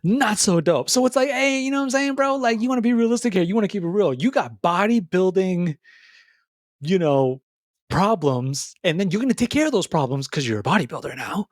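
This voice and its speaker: A young man rambling through a casual monologue, tripping over his words and restarting sentences as he goes. His voice sits a little high, and his talk is loose and animated, full of bro slang. The sound is dry and close, with no room echo. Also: a little fast. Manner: rambling and stammering, with frequent restarts. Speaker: YouTuber.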